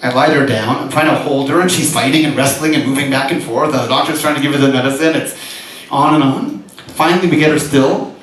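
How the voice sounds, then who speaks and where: A man's voice: mid-range voice, a little fast, a bit bright. A man giving a lecture as a rabbi, telling a personal story with animation and frequent laughs. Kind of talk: storytelling talk to an audience. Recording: echoey hall, mic far off, faint noise.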